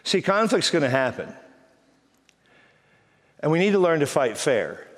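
A man's voice: fairly high pitch, measured pace. A middle-aged man from Texas, preaching a humorous sermon and telling stories with teasing energy. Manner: animated, teasing storyteller acting out quoted voices. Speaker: pastor. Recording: reverberant hall.

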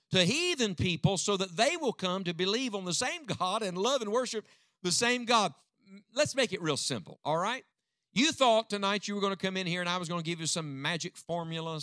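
A man's voice: sits high, sharp tone, dry recording, studio quality. An older man preaching a sermon to a live congregation in a rousing, dynamic way, calling for responses from the people. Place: church before a live congregation.

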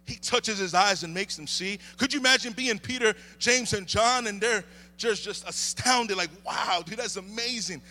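A middle-aged preacher with a high voice delivers an animated sermon at moderate pace, calling for amens. He swings between shouting and hushed asides.

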